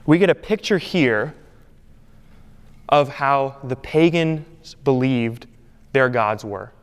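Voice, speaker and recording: Male pastor, sermon, earnest, emphatic repetition, smooth resonant tone, long hall reverb. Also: mid-range voice, slow pace. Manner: earnest, emphatic with repeated phrases.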